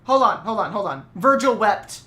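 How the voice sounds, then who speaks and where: A woman from Nevada chatting casually on a stream while drawing, rambling and swearing in quick asides. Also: mid-range voice, animated, pushed and bright.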